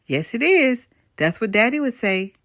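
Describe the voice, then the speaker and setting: Een vrouw speelt een opgewonden klein meisje. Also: female voice, moderate pace, no echo, studio quality. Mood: insistent. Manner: high, excited childlike voice. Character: bright little girl, eager and brave.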